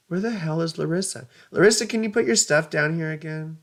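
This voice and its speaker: A woman's voice: deep voice, a little fast, hardly any pauses. Rambling woman astrologer. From United States. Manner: rambling, digressive, chatty, self-mocking. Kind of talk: casual livestream astrology reading.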